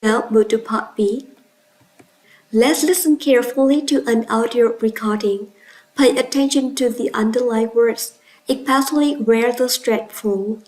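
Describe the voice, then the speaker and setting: Vietnamese-accented woman teacher, unhurried classroom delivery. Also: a little high, fairly even intonation, a little mellow, poor audio. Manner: slow, clear, instructive with praise. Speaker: English teacher. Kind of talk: classroom lesson.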